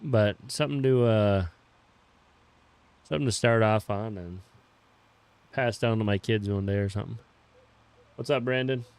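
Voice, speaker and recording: A young man casually chatting with viewers while playing a farming game, relaxed and swearing offhandedly. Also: fairly low pitch, normal speed, pauses often, clear, resonant tone, no room sound. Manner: laid-back, swears casually, greets viewers by name. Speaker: game streamer. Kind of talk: casual live-stream chat while playing.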